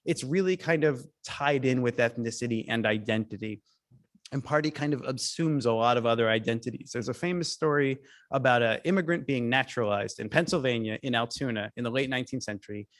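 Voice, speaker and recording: A man's voice: mid-range voice, fairly quick, no room sound. Man giving an emphatic history lecture. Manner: storytelling, emphatic, with frequent restarts. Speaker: guest speaker, historian.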